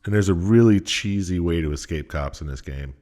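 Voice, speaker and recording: A man with a very deep voice, one of the hosts of a casual podcast. He chips in with short, dry jokes and quick agreements while his co-hosts talk. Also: darkish tone. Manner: dry, wisecracking interjections. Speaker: podcast co-host. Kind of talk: casual chat.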